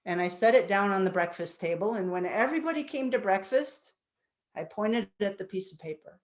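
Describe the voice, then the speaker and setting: A woman's voice: mid-range voice, a little fast. Woman in her 50s, guest speaker sharing a personal story, earnest and reflective, backtracks mid sentence. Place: spiritual center.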